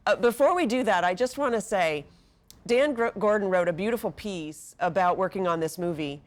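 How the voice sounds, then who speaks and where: A woman's voice: medium pitch, normal speed. Enthusiastic woman co-hosting a talk show. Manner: enthusiastic, voice rises when excited. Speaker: co-host.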